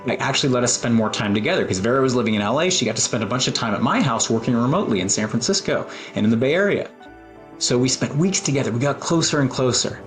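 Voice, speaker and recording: A man in his forties telling a personal story in an earnest, emotional way, with pauses and fillers. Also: medium pitch. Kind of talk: personal talk with photos.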